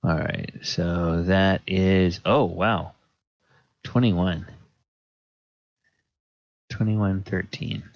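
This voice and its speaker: Slow low-voiced man running a game. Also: little pitch movement, creaky, no echo. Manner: slow and halting, with many fillers. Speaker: dungeon master. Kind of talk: narrating a tabletop game. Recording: dull, dry lo-fi audio.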